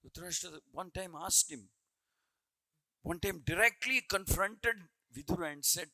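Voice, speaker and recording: Bright-voiced man giving a scripture class. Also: high-pitched, moderate pace, dry recording, rough recording. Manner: earnest, repeats phrases while building a point. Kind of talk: devotional scripture lecture with storytelling.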